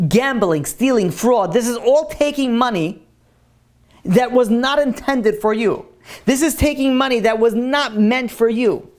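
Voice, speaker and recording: A man, a rabbi, telling a story in a Torah lesson in a casual way, full of "like" fillers. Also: extremely high pitch. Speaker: rabbi and teacher.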